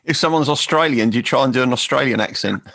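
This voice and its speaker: Dry, teasing podcast host. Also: male voice, mid-range voice, quick pace, creaky, a bit bright. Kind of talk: casual chat.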